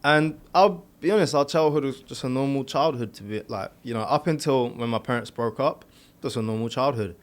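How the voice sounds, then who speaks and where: A man with a London accent, a content creator talking as a guest on a podcast in an earnest, relaxed way, with loose fillers and restarts. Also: medium pitch, fairly quick. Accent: London English. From South London, England. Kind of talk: casual podcast conversation.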